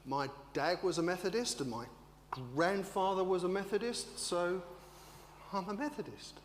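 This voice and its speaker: A man's voice: sits high, normal speed, slight background noise, voice pushed up, lightly acted. A man doing a meek grandmother. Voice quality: soft, timid. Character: meek apologetic grandmother visitor. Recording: echoey church hall.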